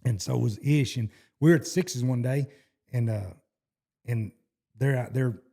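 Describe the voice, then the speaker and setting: A middle-aged horseshoer from Texas, speaking with a Texan accent, tells cowboy stories as a guest in a casual interview, rambling and restarting his sentences in folksy fashion. His voice is medium-pitched, creaky and warm, and he talks a little slowly.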